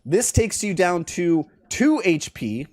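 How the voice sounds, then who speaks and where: Man, game master, tabletop live play, suspenseful narration, slightly high voice. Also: big pitch swings, darkish tone, no room sound. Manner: laughs between lines, builds suspense in slow narration.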